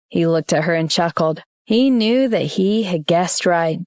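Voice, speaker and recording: A woman narrating an audiobook in an even, steady reading voice. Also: fairly low pitch, normal speed, few pauses, no echo, clean studio sound. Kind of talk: scripted narration.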